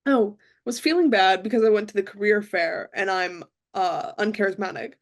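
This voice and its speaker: Rambling deadpan young woman podcaster. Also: mid-range voice, moderate pace. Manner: deadpan, rambling with many fillers. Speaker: podcast co-host. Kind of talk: casual chat.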